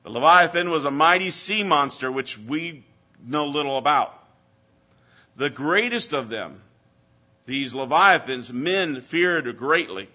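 Male preacher, slightly high, bright voice; emphatic sermon delivery with dramatic pauses; dull lo-fi recording. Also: lively intonation. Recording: dull lo-fi sound.

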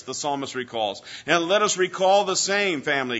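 Male preacher, slightly high, bright voice; emphatic sermon delivery with dramatic pauses; dull lo-fi recording. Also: expressive. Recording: dull lo-fi sound.

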